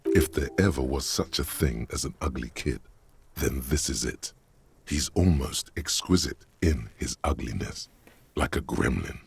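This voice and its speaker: A man's voice: rumbling low, lively intonation, unhurried, a little hiss or hum, exaggerated voice. A man voicing the wry, sardonic inner voice of a detective's mind in a game dub. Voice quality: gravelly. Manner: dry, sardonic commentary.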